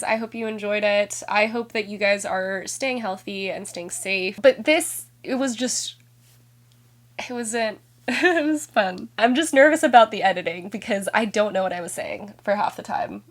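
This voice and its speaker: A woman's voice: medium pitch, fairly bright tone. A woman in her twenties chatting casually on her vlog, her voice stuffy and nasal from being sick, rambling and correcting herself as she goes. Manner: rambling and self-correcting, frequent laughs. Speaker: book vlogger.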